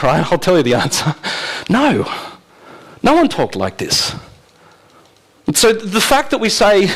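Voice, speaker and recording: A pastor with a voice on the high side preaches a sermon conversationally, posing rhetorical questions to the congregation and laughing often. The recording is low quality.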